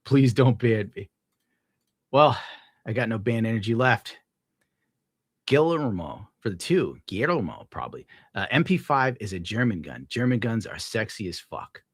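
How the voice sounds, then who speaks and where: A young man on a live stream reads out viewer tips and rants casually, swearing a lot and getting worked up. His voice is on the low side with big pitch swings, a moderate pace and a breathy edge, recorded at studio quality with no echo.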